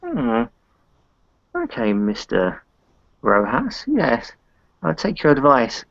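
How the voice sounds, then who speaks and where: A man's voice: mid-range voice, wildly swooping pitch, slow, vocal fry, a bit bright, no room sound, voice pushed up, full character voice. A man voicing a disfigured, polite and formal male vampire. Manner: courteous, formal phrasing. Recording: dull lo-fi sound.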